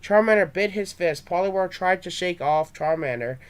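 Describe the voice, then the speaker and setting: A man's voice: sits high, normal speed, clear, resonant tone. A young man reading his own fan story aloud, with small stumbles and restarts.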